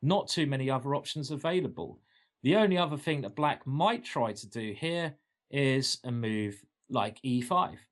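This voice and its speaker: A man teaching a chess opening in a lively, playful way, walking through moves and plans with enthusiasm. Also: medium pitch, moderate pace. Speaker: chess coach. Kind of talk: chess lesson.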